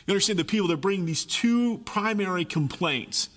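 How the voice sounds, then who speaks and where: Animated male preacher in a large hall. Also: high-pitched, normal speed, few pauses. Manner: animated, acts out voices of complaining people. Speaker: pastor. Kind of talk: sermon.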